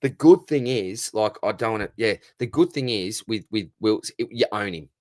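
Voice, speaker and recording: A man's voice: lowish voice, expressive, normal speed, darkish tone, no room sound. A man in his thirties with an Australian accent, hosting a casual live Q&A, chatty and matey, answering viewer comments. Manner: chatty, matey, calls everyone mate. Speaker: fantasy football livestream host.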